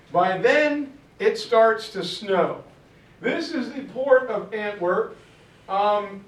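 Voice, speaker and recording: A high-voiced man lectures on history with an animated storyteller's energy. His voice sounds roomy and a little distant from the mic. He slips in quick character voices for the people in his story. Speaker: history teacher. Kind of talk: lecture with acted-out quotes. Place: classroom.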